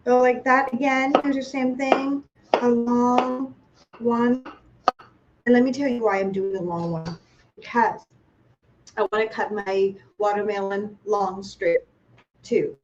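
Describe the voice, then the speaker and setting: A woman's voice: fairly high pitch, dull audio, slight background noise. Chatty Thai-accented woman teaching cooking. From Thailand. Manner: chatty, playful, talks to viewers with questions. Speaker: cooking class host. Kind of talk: live online cooking demonstration.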